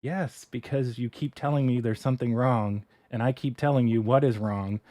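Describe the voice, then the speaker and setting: A man's voice: medium pitch, steady tone, moderate pace, warm tone, dry recording. A man hosting a casual stock live stream, ranting in exasperation, sighing and swearing. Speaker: stock livestream host.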